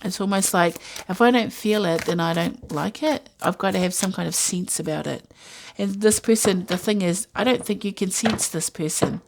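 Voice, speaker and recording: A woman's voice: medium pitch, moderate pace, creaky, hardly any pauses, a little hiss or hum. A woman giving a casual intuitive tarot reading, musing aloud with many fillers and asides. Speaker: tarot reader.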